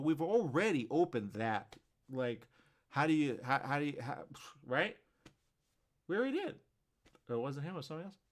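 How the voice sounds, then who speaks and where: A man hosting a live talk show, rambling through a monologue and acting out both sides of imagined conversations, with "right?" after many points. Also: fairly high pitch. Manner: animated, acts out both sides of imagined dialogues, asks "right?" often.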